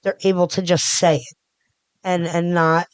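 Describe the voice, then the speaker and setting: Her lowish, smooth voice barely moves in pitch, and she takes her time. This middle-aged woman from the Philadelphia area is a podcast guest in a casual, rambling interview chat, restarting frequently and talking with her hands, recorded without echo.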